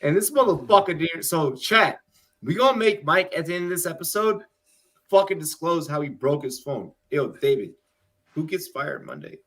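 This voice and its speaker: A man's voice: fairly high pitch, very animated, normal speed, fairly bright tone. A man hosting a sports podcast, brash, profane and hyped in casual banter. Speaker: podcast host.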